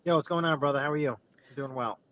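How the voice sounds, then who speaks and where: A man calling in to an online chat, giving quick, tentative opinions. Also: fairly high pitch, fairly bright tone, dry recording, rough recording. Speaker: caller. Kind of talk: casual conversation. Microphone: online audio call.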